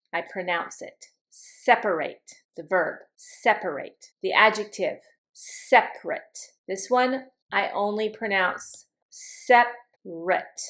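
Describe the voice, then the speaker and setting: A woman teaching an English vocabulary lesson in an even, mid-pitched voice. She slows down to sound words out carefully, repeating them for her learners. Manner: slow, careful pronunciation drills.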